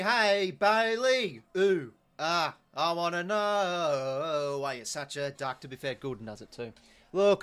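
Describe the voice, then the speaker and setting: An Australian man hosting a live football watch-along, talking as an excitable, sweary fan who reacts to each play. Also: medium pitch, no room sound. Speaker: host.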